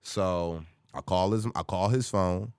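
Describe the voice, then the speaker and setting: A man's voice: low-pitched, measured pace, clean tone, no echo, studio quality. A middle-aged man, a comedian, telling a personal story on a podcast in a casual way, acting out the voices of people in it and cursing freely. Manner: animated, acts out voices in his stories, curses freely. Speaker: comedian guest.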